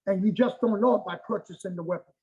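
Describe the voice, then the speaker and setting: A man's voice: sits high, fast talker, a little mellow, husky, lo-fi sound. A middle-aged man, a martial arts master, talking as an interview guest in an emphatic, repetitive way, often checking in with "okay?". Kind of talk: casual interview talk.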